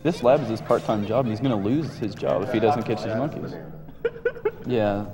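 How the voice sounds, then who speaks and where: A man casually commenting on his own speedrun while playing, relaxed and chatty. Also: on the low side, moderate pace, in a large hall, over music. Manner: relaxed, chatty, laughs often.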